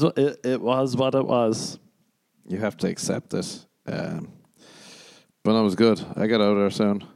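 Here the solo podcast host is a young Irishman who rambles in a casual, sweary, self-mocking way. His voice is lowish, gravelly and darkish, with no room sound in the recording.

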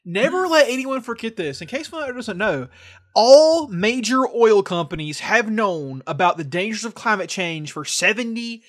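A young man from Georgia with a fairly high voice rants earnestly about what bothers him. He swears freely and talks casually, in a podcast chat. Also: big pitch swings, normal speed, fairly bright tone. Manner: ranting, profane, earnest.

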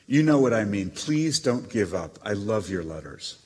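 An actor reading letters as a proud, witty émigré novelist, with a haughty, dryly teasing manner. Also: male voice, lowish voice, very animated, moderate pace, breathy edge. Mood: wry. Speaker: letter reader. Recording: long hall reverb.

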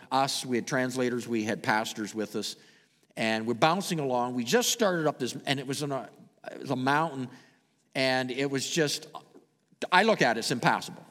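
A Canadian man preaching a sermon and telling stories, swinging dramatically between loud and hushed delivery. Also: mid-range voice, in a large hall. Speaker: pastor. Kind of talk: sermon with storytelling.

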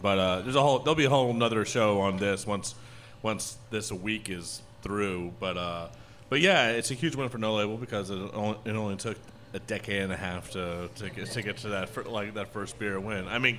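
A man, co-owner of a brewery, chatting casually on a podcast with lots of restarts and animated retellings. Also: fairly low pitch, fairly quick, a little hiss or hum. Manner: rambling, many restarts, animated when retelling stories.

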